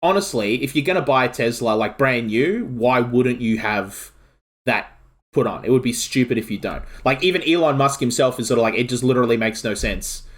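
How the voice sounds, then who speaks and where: An Australian man streaming a game and chatting casually, rambling excitably with lots of filler words. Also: medium pitch, moderate pace. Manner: rambling, excitable, heavy use of "like". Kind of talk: casual chat while streaming.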